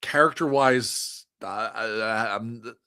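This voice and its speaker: A man's voice: medium pitch, unhurried, sharp tone, clean tone. A man co-hosting a wrestling podcast in casual chat, making dry, wry remarks with stammering restarts. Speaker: podcast co-host.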